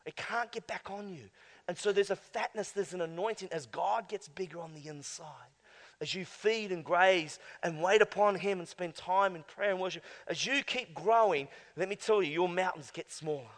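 A male pastor preaching emphatically, swinging between hushed asides and loud exclamations. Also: sits high, normal speed. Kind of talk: sermon. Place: church. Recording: long church hall reverb.

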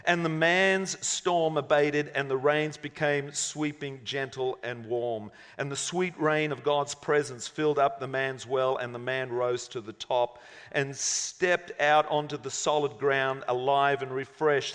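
A man's voice: medium pitch, a little slow, a bit bright, clear, resonant tone. A male preacher giving a conversational sermon and reading a story aloud. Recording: long hall reverb.

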